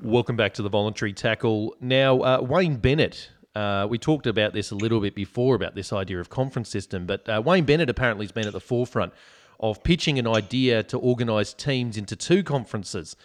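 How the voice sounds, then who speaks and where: A man's voice: on the low side, fairly quick. An Australian man hosting a casual sports podcast, joking and reading out listener comments. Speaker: podcast host.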